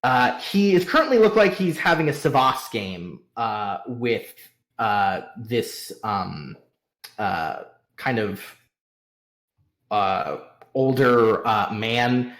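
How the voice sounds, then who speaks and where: A man running a tabletop game as narrator, describing characters at a slow, unhurried pace. He hesitates often, with lots of filler sounds between phrases. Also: mid-range voice, expressive, fairly bright tone. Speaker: game master.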